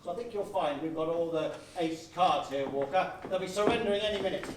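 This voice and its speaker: An actor on stage playing a pompous, blustering middle-aged Home Guard captain, recorded from far off in an echoey hall. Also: male voice, fairly high pitch, fairly quick, background noise, lightly acted. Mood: confident. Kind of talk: amateur stage comedy performance. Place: theatre stage.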